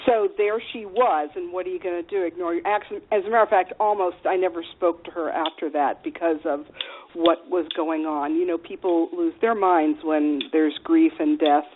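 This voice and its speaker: A woman interview guest telling candid personal stories in a frank, animated way, with plenty of fillers. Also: lowish voice, moderate pace, slight background noise. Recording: phone-like radio interview line.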